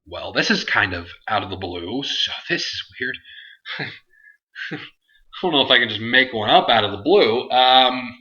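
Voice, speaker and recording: A man's voice: medium pitch, expressive, unhurried, bright, forceful tone, muffled recording. A man hosting a casual Q&A vlog, answering viewer questions in a rambling, self-interrupting way. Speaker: host.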